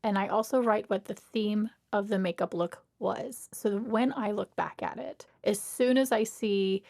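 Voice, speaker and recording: A woman's voice: mid-range voice, gravelly, darkish tone. Chatty woman podcast host giving makeup advice. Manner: chatty, frank, quick bursts with acted-out client dialogue.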